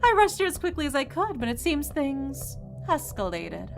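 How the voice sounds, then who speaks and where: A woman's voice: sits high, sing-song, normal speed, vocal fry, soft background music, pitched above the performer's own voice, heavily acted. A woman voicing a polite male exorcist who addresses the player as his client with formal concern.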